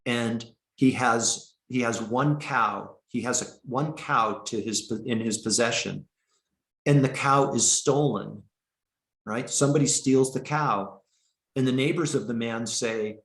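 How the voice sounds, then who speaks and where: A man teaching an online meditation class, speaking slowly and haltingly with many restarts, over a video call. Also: mid-range voice, a bit bright, roomy sound. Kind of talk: online dharma talk.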